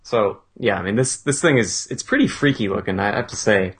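A man's voice: lowish voice, animated, brisk, fairly bright tone, slightly rough. A man co-hosting a podcast in casual chat, easygoing, often laughing and restarting his sentences. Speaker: podcast co-host.

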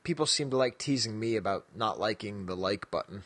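A man's voice: lowish voice, animated, a little fast, fairly bright tone, no echo. A man co-hosting a podcast in casual chat, rambling and jokey, laughing often and trailing off with "so". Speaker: podcast co-host.

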